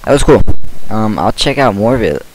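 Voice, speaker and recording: A man's voice: lowish voice, expressive, a little fast, low-quality recording. A young man playing a horror game, reacting nervously and talking to himself as he goes. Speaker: gaming channel host. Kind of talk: horror game let's play commentary.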